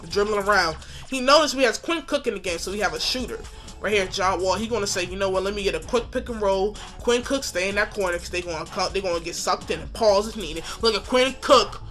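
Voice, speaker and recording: A man calls his video game basketball match play by play, animated and joking, swinging between hype and mock outrage. His voice is bright and forward. Faint music plays behind him. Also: sits high, quick pace. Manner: animated, hypes plays, jokes and trash-talks. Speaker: gaming commentator. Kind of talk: excited play-by-play game commentary.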